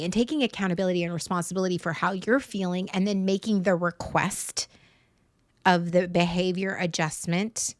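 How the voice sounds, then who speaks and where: A woman's voice: medium pitch, measured pace, dry recording, clean studio sound. A woman, a mother hosting a livestream from home. She chats casually and rambles, with many fillers and restarts. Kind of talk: casual rambling chat to viewers.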